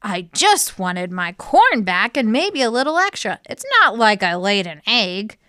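A woman's voice: medium pitch, big pitch swings, measured pace, bright, forceful tone, clean tone, no room sound. A pompous old rooster villain huffs and sneers as a woman reading a storybook puts him on. He is scheming and full of himself, with a grumbling, scornful way of talking. The sound is dry and close. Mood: whiny. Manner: huffy and sneering.

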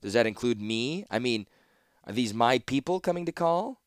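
A man voicing a sardonic, fearless, sharp-tongued woman in an audiobook, his tone wry and cutting. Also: mid-range voice, expressive, normal speed, clear, resonant tone, dry recording, clean studio sound, pitched above the performer's own voice, natural voice. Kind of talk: audiobook character voice.

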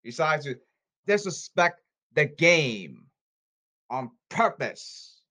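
A man's voice: on the high side, very animated, slow pace, pauses often, pushed and bright. A man delivering an angry, repetitive rant, scolding and demanding, often stumbling over his words.

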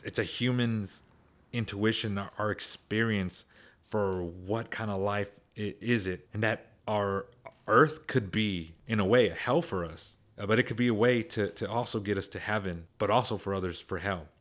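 Low-voiced man casually retelling a story. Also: moderate pace, a bit bright. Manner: loose, rambling, repeats words while thinking.

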